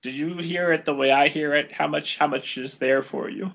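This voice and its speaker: Gravelly male host, chatty with fillers. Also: a little high, steady tone, fairly bright tone, lo-fi sound. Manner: chatty, halting with many fillers. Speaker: podcast host interviewer. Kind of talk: interview conversation.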